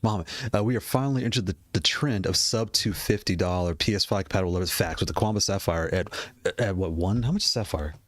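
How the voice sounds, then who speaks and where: A man's voice: low-pitched, dry recording, studio quality. A man casually talking through gaming controller prices, rambling and repeating himself with frequent laughs. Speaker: gaming hardware streamer. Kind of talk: casual product commentary.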